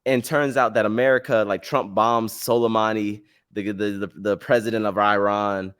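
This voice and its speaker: A man hosting a casual storytelling podcast, telling a travel tale in a slangy, rambling, animated way. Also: lowish voice, normal speed, clean tone, no echo, clean studio sound. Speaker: podcast host.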